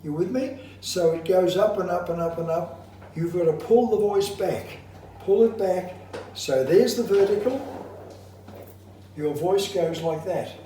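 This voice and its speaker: A man teaching a singing lesson as a voice coach, explaining in a measured, instructive way and slowing down to stress key points. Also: sits high, mellow, a little hiss or hum. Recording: very echoey room, voice from a distance.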